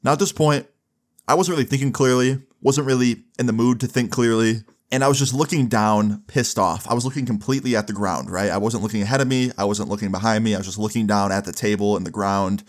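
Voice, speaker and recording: A young man casually telling a story, with a relaxed, loose delivery full of fillers and some swearing. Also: lowish voice, fast. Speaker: storyteller vlogger.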